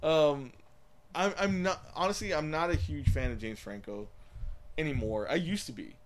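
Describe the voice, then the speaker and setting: A man's voice: on the high side, normal speed. A man co-hosting a casual chat show, rambling with many restarts and frequent laughter. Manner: rambling, laughs often, repeats words. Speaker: podcast co-host.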